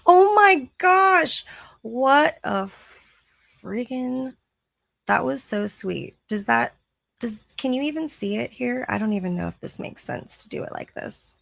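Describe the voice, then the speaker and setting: A woman's voice: fairly high pitch, unhurried, vocal fry, no echo. A woman hosting her show, reading online posts aloud in casual chat, chatty and gushing and laughing often. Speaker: podcast host.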